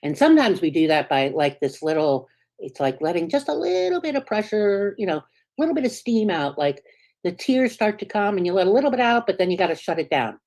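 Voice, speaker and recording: This sermon comes from a US woman minister whose mid-range voice is sing-song and fairly quick. Earnest and conversational, she regularly checks in with the congregation, dropping into hushed asides before rising to sudden emphatic highs.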